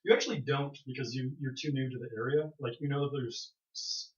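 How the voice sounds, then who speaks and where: A man narrating a tabletop role-playing game as game master, laying out scenes in a quick, plain-spoken way. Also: medium pitch, steady tone. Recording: echoey room, dull lo-fi sound.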